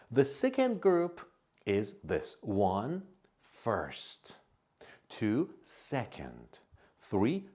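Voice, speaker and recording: A man teaching English to beginners, patiently saying each word slowly and repeating it for learners to copy. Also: low-pitched, darkish tone. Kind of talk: slow, step-by-step language lesson.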